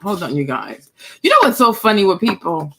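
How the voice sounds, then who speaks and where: A woman's voice: medium pitch, sing-song, a little fast, slightly rough. A woman in her thirties hosting a casual live stream, talking bluntly and with firm opinions straight to her viewers.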